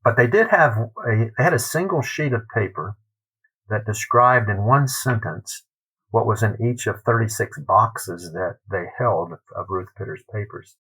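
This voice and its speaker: A man, a literary scholar, telling an anecdote in a podcast interview, animated and acting out the quotes. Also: on the low side, measured pace, slightly rough, poor audio. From United States.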